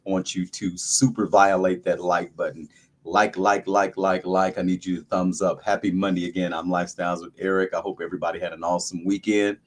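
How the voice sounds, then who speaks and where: A man hosting a casual livestream, greeting viewers by name in a relaxed, repetitive way, with a dry throat. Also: sits low, brisk. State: dry throat, sucking a lozenge. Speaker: livestream host.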